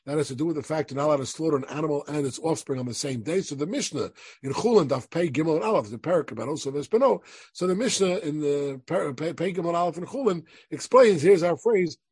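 A man's voice: a little high, animated, fast, a little mellow, slightly rough, no room sound. A man giving a rabbinic class, reading Hebrew verses aloud and explaining them to his listeners. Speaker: rabbi teaching a weekly class. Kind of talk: lecturing on Jewish law from source sheets.

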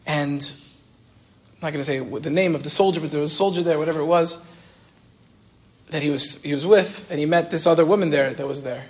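A man with a slightly raised voice tells a story in a lively Torah talk. He acts out each person in the dialogue and fills his speech with a casual "like". He speaks as a teacher to his listeners. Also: fairly high pitch, fairly quick, pauses often, husky. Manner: animated storytelling, acts out quoted dialogue, frequent "like". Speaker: rabbi and teacher.

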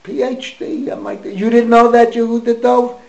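A man's voice: extremely high pitch, flat delivery, normal speed, gravelly, darkish tone, highs cut off. An older man, a rabbi, giving an informal Torah class, rambling through anecdotes sprinkled with Hebrew and Yiddish and calling on his students by name.

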